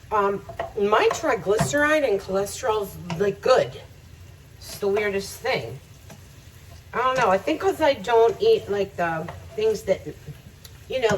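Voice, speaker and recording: A woman's voice: mid-range voice, far from the mic, a little hiss or hum, poor audio. A woman making a home cooking video, chatting to viewers as she cooks and laughing often. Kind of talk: casual cooking demonstration. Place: home kitchen.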